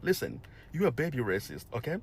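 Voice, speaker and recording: A man's voice: medium pitch, huge pitch swings, brisk, gravelly, slightly rough. A man giving reaction commentary in a mocking, scolding manner.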